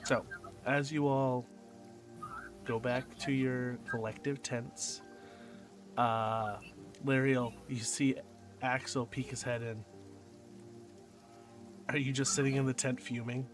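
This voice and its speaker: A mid-pitched man runs a tabletop game, describing scenes and speaking to players by their characters' names. Music plays clearly underneath. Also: flat delivery, takes it slowly, pauses often. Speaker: game master. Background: background music.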